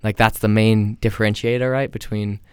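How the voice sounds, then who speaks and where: A young man hosting a podcast in a casual chat, playful and teasing, quick to laugh. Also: lowish voice, little pitch movement, a little mellow, smooth, dry recording, clean studio sound. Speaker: podcast host.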